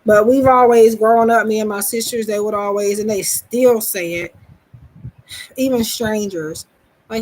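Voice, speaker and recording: A woman's voice: mid-range voice, fairly even intonation, unhurried, poor audio. A woman with a Southern US accent, a psychic reader hosting a live stream, talking casually and rambling with many restarts. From Southern United States. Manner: rambling, chatty, self-deprecating, with many restarts.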